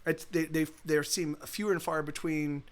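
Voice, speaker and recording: Between songs, with guitar playing in the background, a man streaming live as a musician chats casually, rambling and restarting his sentences often. His voice is a little high and steady, at normal speed.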